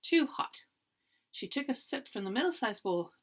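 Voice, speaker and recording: Expressive storybook reader, woman, higher voice, reads aloud for kids. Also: brisk, breathy edge. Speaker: volunteer teacher reading to children. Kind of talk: children's storybook reading.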